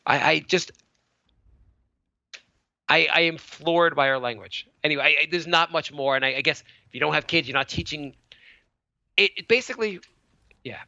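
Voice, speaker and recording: A man's voice: fairly high pitch, moderate pace, gravelly, pauses often, no echo. A man in his thirties co-hosting a podcast, chatting casually and rambling with lots of restarts. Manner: rambling, animated, many restarts and stammers. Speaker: podcast co-host. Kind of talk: casual chat. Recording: dull lo-fi dry sound.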